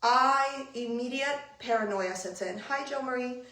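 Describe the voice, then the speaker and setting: Animated high-voiced woman vlogger, roomy echo. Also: a little slow. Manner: animated, profane, breathless retelling. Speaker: vlogger on a live stream greeting viewers. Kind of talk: casual storytelling.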